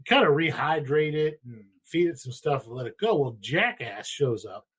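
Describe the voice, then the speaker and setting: A man in his thirties tells a long story on a podcast. His voice sits a little high with a husky edge. He rambles and swears freely, like a casual chat with friends. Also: lively intonation, normal speed, a bit bright. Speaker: podcast host.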